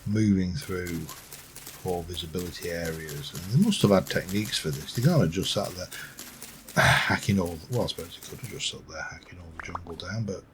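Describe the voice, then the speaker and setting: A man's voice: low voice, fairly quick, slight background noise. A middle-aged man giving rambling, musing let's play commentary with dry asides. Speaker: gameplay commentator.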